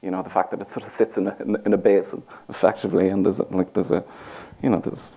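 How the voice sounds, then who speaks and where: A man's voice: low-pitched, little pitch movement, quick pace, creaky, warm tone. A man with a Dublin Irish accent, a playwright talking onstage in a rambling, self-mocking way, full of fillers. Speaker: playwright guest. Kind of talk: onstage conversation. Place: theatre stage before an audience.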